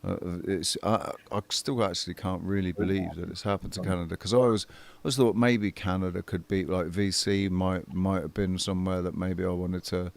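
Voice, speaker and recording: A man's voice: deep voice, steady tone, normal speed, gravelly, few pauses. A man from the UK chatting casually on a livestream, rambling and swearing as he talks. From United Kingdom. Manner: rambling, swears, restarts often. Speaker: channel host.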